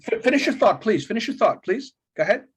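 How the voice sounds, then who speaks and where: A middle-aged man, an actor as an interview guest, telling a story with lots of energy, laughing often and acting out quotes in a much higher voice. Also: expressive, quick pace, slightly rough. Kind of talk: animated storytelling in conversation.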